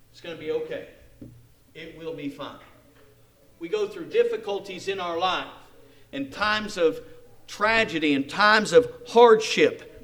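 A male pastor from Kansas preaching a sermon, with a family of his own, swinging between loud emphatic passages and quiet personal asides. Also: sits high, measured pace. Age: adult with kids.

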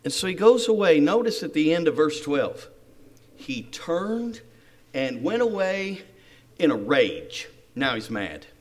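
A man preaching a sermon, animated, acting out the story and putting questions to his listeners. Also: on the high side, measured pace, reverberant. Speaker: pastor.

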